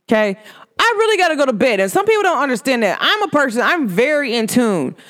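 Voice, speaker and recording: Woman, slangy casual storytelling, high pitched, animated. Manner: animated, slangy, swearing freely. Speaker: spiritual podcast host.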